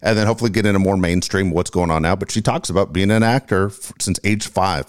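Fast-talking man in casual podcast banter. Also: deep voice. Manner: profane, rambling storyteller. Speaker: co-host.

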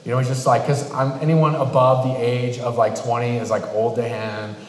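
A man's voice: mid-range voice, flat delivery, normal speed. A man preaching a sermon in a conversational, storytelling way, slipping into quoted voices to tell a family story. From New England. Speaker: pastor. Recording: echoey hall with long reverb.

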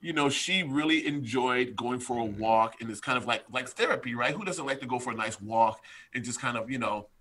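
Bright, animated male storyteller. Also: medium pitch, brisk, few pauses. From United States. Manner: animated storyteller, addresses listeners directly. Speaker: podcast guest, strength coach. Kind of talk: casual chat, storytelling.

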